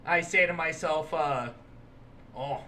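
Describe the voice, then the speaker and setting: A young man co-hosting a podcast in casual chat, joking and breaking into shouts and laughter. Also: high voice, normal speed, distant mic, background noise. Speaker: podcast co-host.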